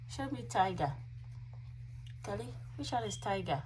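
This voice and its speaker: A woman's voice: medium pitch, sing-song, a little slow, long pauses, a little mellow. A young mother vlogging at home at night, coaxing her toddler to name animals and candidly telling the camera how tired she is. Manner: coaxing, teaching a toddler words. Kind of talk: casual family vlog. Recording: noisy home recording.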